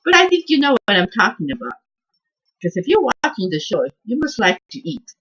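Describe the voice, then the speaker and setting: A woman hosting a casual cooking vlog from her home kitchen, quiet and soft-spoken, chatting in a rambling way and trailing off as she cooks. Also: medium pitch, huge pitch swings, fairly quick, husky, highs cut off. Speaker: cooking channel host.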